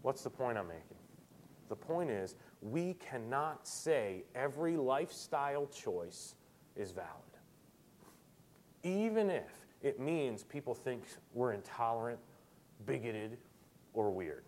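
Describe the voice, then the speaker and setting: Animated, lively male preacher. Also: mid-range voice, slow pace, a little hiss or hum. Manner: animated storyteller, acts out quotes. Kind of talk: sermon.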